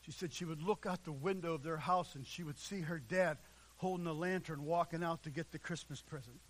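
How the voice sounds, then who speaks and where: A man pastor preaching an impassioned sermon in a church, swinging between loud and hushed delivery. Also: fairly high pitch, fairly quick. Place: church sanctuary.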